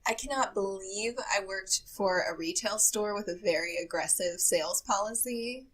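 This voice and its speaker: A woman's voice: medium pitch, moderate pace, fairly bright tone, breathy edge. A woman co-hosting a podcast in casual, playful chat, joking and telling stories. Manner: playful, jokey, tells stories. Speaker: podcast co-host.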